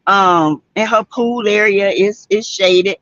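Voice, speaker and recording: Speaking slowly with a South Carolina Southern accent, this livestream host chats casually, reads comments, and greets viewers by name. Her voice is medium-pitched and fairly bright, and the audio is dull but without echo.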